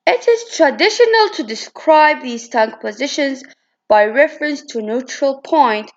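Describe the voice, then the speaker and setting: A student presenter reads a phonetics presentation aloud in a fairly high voice edged with gravelly fry. Working through her slides, she occasionally stumbles and starts over. The audio is dull and lo-fi.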